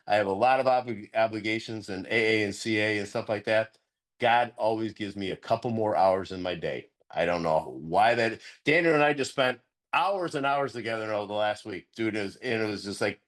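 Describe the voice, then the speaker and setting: A middle-aged man speaking candidly as a sponsor at a recovery meeting, earnest and animated, laughing often and jumping higher when he stresses a point.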